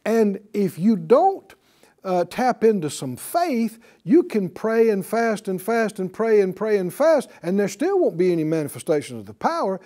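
A man's voice: high voice, very animated, moderate pace, mellow. A man teaching a Bible class in a preaching style, repeating key words and calling on the class to answer. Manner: emphatic, repeats key words, calls for responses.

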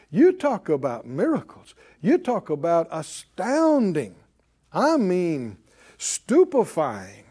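A man's voice: high-pitched, mellow. A man teaching a Bible class in sermon style, preaching emphatically and asking the class questions.

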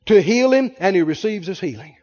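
A pastor preaches a sermon in a high, mellow voice with lively intonation, rapidly firing questions at his congregation. The recording is dull and made in a reverberant hall.

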